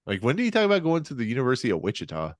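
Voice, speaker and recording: A man's voice: mid-range voice, wildly swooping pitch, rapid-fire, dry recording, clean studio sound. A man co-hosting a podcast in casual chat, rambling and restarting his sentences. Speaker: podcast co-host.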